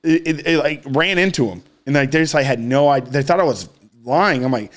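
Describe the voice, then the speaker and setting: A man's voice: a little high, a little fast. A man telling a rambling, profane story in casual chat as a podcast co-host. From Austin, Texas area.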